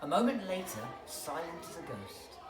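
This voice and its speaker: Expressive bedtime story reader. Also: medium pitch, normal speed, over music. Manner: expressive storytelling, hushed and animated in turns. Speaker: school staff reader. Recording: echoey room, distant mic, background noise.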